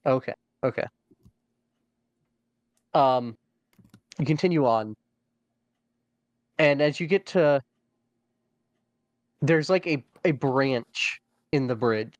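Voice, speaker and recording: A man narrates a tabletop dungeon crawl as its game master. He talks slowly and haltingly, with many fillers and restarts. His voice is mid-pitched and sits close and dry, with no room around it. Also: no room sound.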